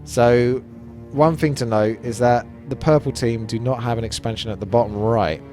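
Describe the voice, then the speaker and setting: A man's voice: mid-range voice, steady tone, normal speed, darkish tone. Male caster, chatty play-by-play, faint music underneath. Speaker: esports caster. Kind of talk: live game commentary.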